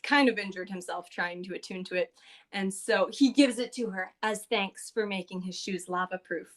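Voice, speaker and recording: A woman's voice: medium pitch, normal speed. Chatty woman recapping a game session. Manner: chatty, loose, lots of fillers. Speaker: podcast co-host.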